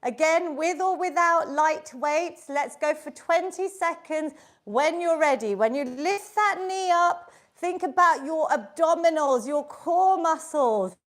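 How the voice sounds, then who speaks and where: This fitness instructor is a woman whose voice sits high and sounds animated, and she speaks at a slow pace. Leading a live online exercise class, she stays upbeat and encouraging, counting reps aloud while exercising along.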